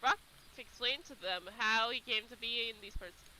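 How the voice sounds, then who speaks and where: A woman reads a fantasy novel aloud, her voice high, bright and lively. She narrates expressively, with casual asides to listeners, over a faint noise. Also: moderate pace, low-quality recording. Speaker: storybook reader. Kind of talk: live reading of a novel aloud.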